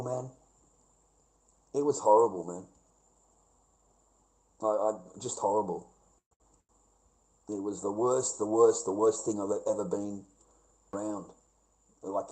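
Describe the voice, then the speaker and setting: A man's voice: on the low side, darkish tone, low-quality recording. An Australian man rambling through a livestream monologue, swearing constantly, repeating himself and calling listeners mate and bro.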